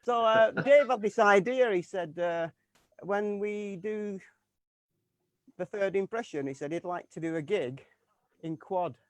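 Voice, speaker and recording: Halting, slightly high-voiced male keyboardist. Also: no echo. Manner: halting, with frequent restarts. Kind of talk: casual chat.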